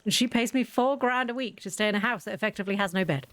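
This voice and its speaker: A woman's voice: mid-range voice, fast, fairly bright tone, no echo. Chatty woman rambling over a game. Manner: chatty, rambling, self-interrupting. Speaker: gaming channel host. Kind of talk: casual let's-play commentary.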